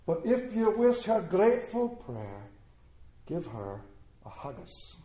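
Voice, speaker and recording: A man putting on a Scottish brogue to recite old verse slowly, declaiming each line. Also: high voice, huge pitch swings, warm tone, heavily acted. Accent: Scottish (put on). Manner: slow, declaiming. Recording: roomy echo.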